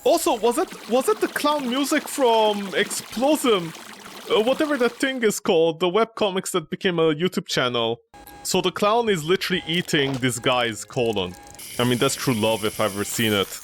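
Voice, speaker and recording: A man's voice: sits high, animated, moderate pace, slight background noise. A man doing joking let's play commentary on a horror game, rambling and breaking into mock outrage and yelps. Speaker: gaming streamer.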